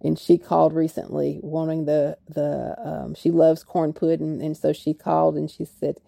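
Older kentucky woman author, low gravelly voice, reflective, dry studio sound. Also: flat delivery, moderate pace, dark tone, no room sound. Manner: reflective, hesitant, with fillers. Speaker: author guest. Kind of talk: radio interview conversation.

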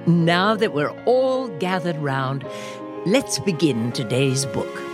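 A woman reads a children's picture book aloud, slow and unhurried, her fairly low voice rising and falling a lot. Gentle music plays steadily behind her. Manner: slow, expressive storytelling. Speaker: children's podcast host and reader. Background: soft music.

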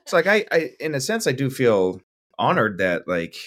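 A man in a couples therapy session who speaks in a calm, low-key way about his partner. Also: normal speed. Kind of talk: casual chat.

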